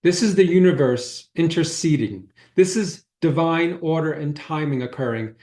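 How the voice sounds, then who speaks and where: A man's voice: on the high side, moderate pace, darkish tone. A man giving a spiritual talk as a holistic healer, telling personal stories in a casual, conversational way. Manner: conversational storyteller who acts out quoted dialogue. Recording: roomy echo.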